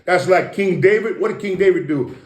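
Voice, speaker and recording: A man's voice: high-pitched, fairly quick, a little mellow. A man of Samoan heritage, a guest talking in a casual, rambling monologue, profane and preachy, repeating and restarting his words. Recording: roomy echo.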